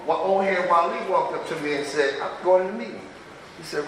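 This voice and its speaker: Speaking quickly with big swings in pitch, this high-voiced, middle-aged man tells profane, unfiltered tales from his past at a twelve-step meeting. His style is street-talking and raw. The large hall sounds echoey through a far-off microphone, and the background is noisy.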